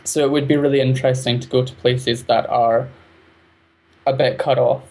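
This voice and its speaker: A man in an easygoing interview, his voice sitting at an ordinary middle pitch. He talks loosely and laughs often as he makes his points. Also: level tone, moderate pace, warm tone, slight background noise. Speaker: guest, arts project creator. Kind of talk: casual interview chat.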